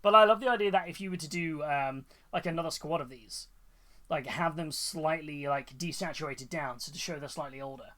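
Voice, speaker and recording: Chatty man, fairly high voice. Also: brisk, bright, forceful tone. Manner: enthusiastic, rambling, many fillers and restarts. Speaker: livestream host. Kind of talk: casual chat reacting to viewers' miniatures.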